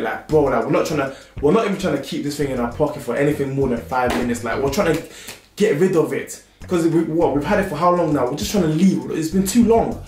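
A young man with a London accent telling a storytime vlog in a lively, slangy way. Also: fairly high pitch, fast, few pauses, a little hiss or hum. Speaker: vlogger. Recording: roomy indoor sound.

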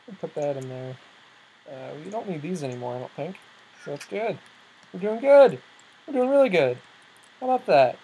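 Jumpy let's-play host rambling through gameplay, thinking out loud the whole time. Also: mid-range voice, slight background noise, poor audio. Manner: excitable, thinks aloud, startles easily. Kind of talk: casual gameplay commentary.

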